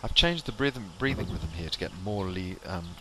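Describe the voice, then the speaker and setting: A man leading a qigong exercise class, calmly cueing each movement and breath step by step. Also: low voice, normal speed, background noise. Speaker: qigong instructor. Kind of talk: guided exercise instruction.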